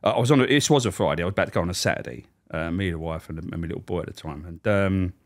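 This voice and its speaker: This middle-aged man is a podcast guest in a casual storytelling chat, telling funny, sweary stories about his time in prison and acting out the voices. He has a deep voice and races along.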